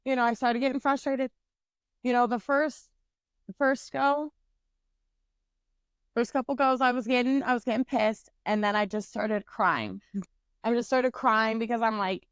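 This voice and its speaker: High-voiced, foul-mouthed woman storyteller. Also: a little slow, long pauses, clear, resonant tone, no echo. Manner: blunt, swears constantly, animated. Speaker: podcast co-host. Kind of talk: casual podcast storytelling.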